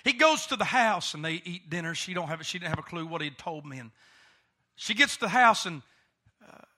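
A man preaching a sermon through an animated personal story, with many "uh" fillers. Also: high-pitched, brisk.

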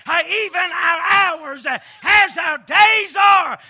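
High-pitched shouting preacher, slow and sharp. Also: male voice. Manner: rhythmic preaching cadence building to fervent shouted refrains; repeats parallel phrases in a chanting build. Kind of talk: sermon.

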